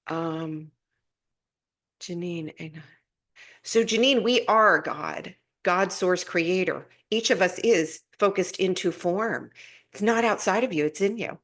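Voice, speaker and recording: Earnest woman giving a spiritual talk. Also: fairly low pitch. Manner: warm, earnest, laughs often, loose and rambling with restarts. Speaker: spiritual teacher hosting a live stream. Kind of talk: casual spiritual talk on a live stream.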